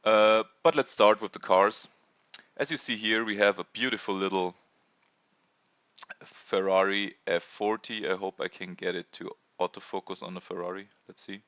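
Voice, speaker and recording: A man in his thirties from Germany with a German accent, hesitantly presenting a casual toy review with many pauses and fillers. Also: deep voice, fairly even intonation, fairly bright tone, no room sound, dull audio. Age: 30s. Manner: hesitant, many ums and uhs.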